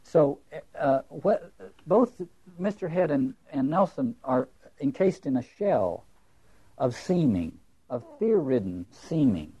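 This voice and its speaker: A man's voice: mid-range voice, big pitch swings, takes it slowly, dark tone, slightly rough. A man giving a lecture on literature and religion. He muses aloud, repeats his words and asks rhetorical questions.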